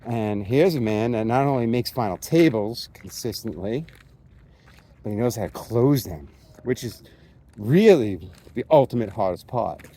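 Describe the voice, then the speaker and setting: A man's voice: mid-range voice, lively intonation, a little slow, dark tone. A man with a strong Long Island accent, telling a rambling story in a casual vlog while climbing a mountain outdoors, slightly out of breath. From New York. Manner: chatty, rambling, self-correcting storyteller. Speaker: poker vlogger.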